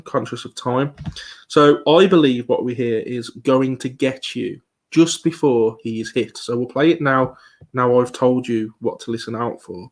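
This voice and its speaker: A man's voice: medium pitch, darkish tone. Hesitant man presenting live. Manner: hesitant, many ums and restarts. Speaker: paranormal investigator presenting.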